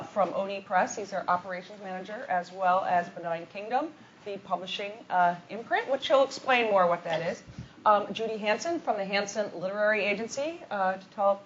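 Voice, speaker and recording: A woman's voice: mid-range voice, a bit bright, highs cut off, a little hiss or hum. A woman moderating a panel discussion, introducing guests in a rambling way with many restarts.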